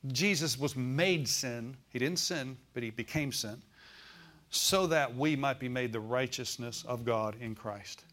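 A man's voice: medium pitch, unhurried, fairly bright tone. Man preaching a folksy sermon. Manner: preaching with call-and-response, folksy phrasing. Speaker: pastor.

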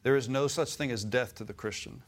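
Storytelling preacher, warm emphatic man. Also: mid-range voice, fairly quick. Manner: storytelling, rising to emphatic exclamations. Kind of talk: sermon.

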